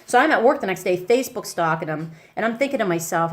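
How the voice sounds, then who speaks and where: A woman hosting a casual talk show, telling a story with lively acted-out quotes. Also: medium pitch, quick pace. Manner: animated, acts out quoted voices. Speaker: podcast host.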